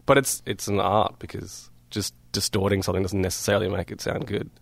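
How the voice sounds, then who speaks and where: An Australian musician from Perth talking loosely in a radio studio interview, with lots of fillers and easy laughter. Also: male voice, deep voice, little pitch movement, fairly quick, vocal fry, no echo. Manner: laid-back, rambling, many fillers and laughs. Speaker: guest musician.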